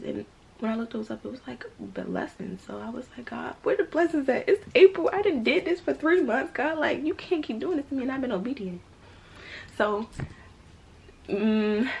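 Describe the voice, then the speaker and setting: Young woman, gravelly fry, casual vlog storytelling, animated, faint hiss. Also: mid-range voice. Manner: animated, talks straight to viewers, faith-filled testimony. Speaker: vlogger.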